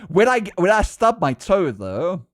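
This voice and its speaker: A man streaming live and chatting with his viewers, laughing often. His voice sits a little high and swings widely in pitch. He reacts to chat quickly and keeps the tone loose. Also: very animated. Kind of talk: casual live-stream chat while drawing.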